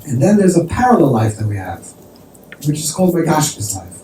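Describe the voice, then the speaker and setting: A man's voice: fairly high pitch, sing-song, fairly quick, warm tone. A man, a rabbi, telling a story in a conversational sermon, sprinkling in Yiddish and Hebrew terms. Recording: distant mic in an echoey room with faint noise.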